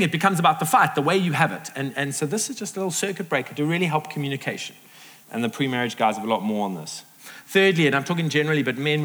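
Middle-aged man, pastor preaching a sermon; lively pitch, acts out quotes, big reverberant hall. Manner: animated, acts out quoted voices. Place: large hall with audience.

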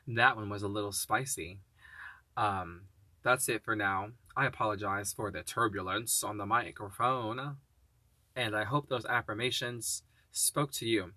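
Encouraging man with a bright, dry voice. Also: lowish voice, steady tone, dry recording. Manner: encouraging, upbeat, slow and deliberate on affirmations. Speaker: podcast host. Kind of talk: casual solo podcast talk with spoken affirmations.

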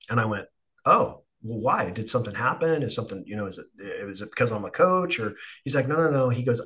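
A middle-aged man hosting a relaxed conversation. He tells a family story in a loose, conversational way and often restarts his sentences. His pitch sits in the middle range. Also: a little fast. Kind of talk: casual conversation.

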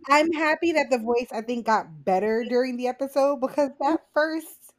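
A woman co-hosting a casual TV recap podcast. She tells the plot playfully and frankly and laughs often. Her voice sits a little high. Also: animated, normal speed. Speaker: podcast co-host.

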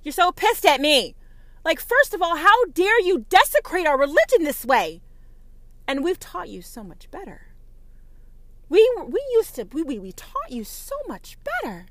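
A woman's voice: high-pitched, very animated, measured pace, dry recording, voice pushed up. A woman putting on the voice of an indignant, offended churchgoer who scolds in huffy, stammering outrage.

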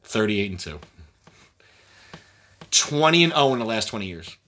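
A man's voice: fairly low pitch, sing-song, normal speed, bright, forceful tone, a little hiss or hum. A man in a casual chat who talks bluntly in short fragments, swears freely, and runs through basketball news. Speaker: basketball fan breaking down team news.

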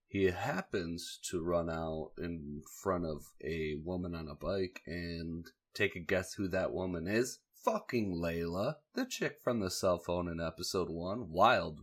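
Deep-voiced sarcastic man recapping a show. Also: a bit bright. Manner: sarcastic, profane, offhand asides. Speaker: video host recapping a show. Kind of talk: casual joking recap.

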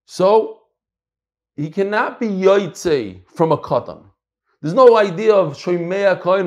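An American man teaching a Talmud class, emphatic and animated, mixing in Hebrew and Yiddish terms. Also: high-pitched, measured pace. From United States. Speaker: Torah teacher.

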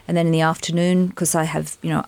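Chatty woman with a creaky voice. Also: low voice, quick pace, no room sound. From Australia. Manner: animated, chatty, rambling anecdotes with many asides. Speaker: actress and voiceover artist, interview guest. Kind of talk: casual interview storytelling.

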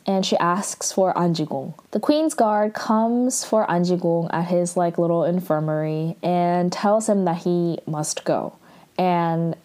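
A woman's voice: lowish voice, warm tone. A young woman casually recapping a TV drama, chatty and full of fillers, quoting the characters in her own voice.

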